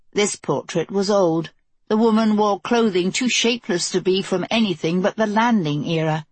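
A woman reading a fantasy novel aloud as the narrator, in a steady, measured way. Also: mid-range voice, breathy edge, no room sound. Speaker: audiobook narrator.

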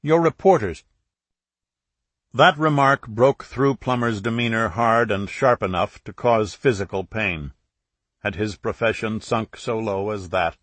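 Low-voiced male audiobook narrator. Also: a little slow, fairly bright tone, dry recording. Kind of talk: scripted narration.

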